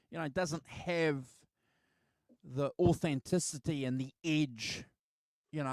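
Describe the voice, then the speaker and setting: Man, co-host, casual album review, smooth voice, dry close sound, filler-heavy. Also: medium pitch, dry recording. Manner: rambling, filler-heavy, laughs easily.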